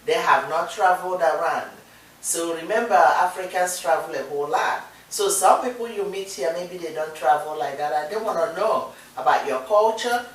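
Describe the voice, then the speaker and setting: A woman's voice: on the low side, normal speed. A Nigerian-accented woman co-hosts a casual talk show, earnest and encouraging, driving her points home by repeating them. She sits well back from the mic, and the room around her rings with heavy echo. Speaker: co-host. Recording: distant, echoey room sound.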